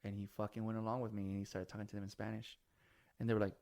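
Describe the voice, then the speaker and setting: A man's voice: on the low side, flat delivery, rapid-fire, creaky, darkish tone. A man in his forties hosting a casual chat, telling stories animatedly and swearing freely, with bits of Spanish. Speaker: podcast host.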